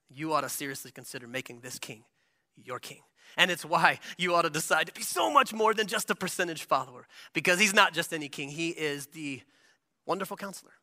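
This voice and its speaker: A man preaching a Christmas sermon, impassioned, shifting from hushed lines to loud peaks, with casual asides. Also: high voice. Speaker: pastor.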